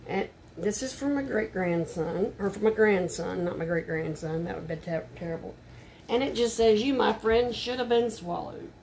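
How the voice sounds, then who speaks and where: An older woman rambles through a shopping haul at home, her voice rising and falling in a lively way. She talks casually, mutters frustrated asides, and a faint hiss of noise runs underneath. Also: medium pitch, moderate pace, vocal fry. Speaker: haul vlogger. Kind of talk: casual unboxing chat. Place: home room.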